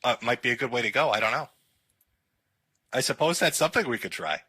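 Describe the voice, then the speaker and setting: A man's voice: mid-range voice, animated, a little fast, bright, forceful tone, slightly rough, dry recording. A man giving mocking, sarcastic livestream commentary, laughing often and apologizing in mock seriousness. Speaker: streamer.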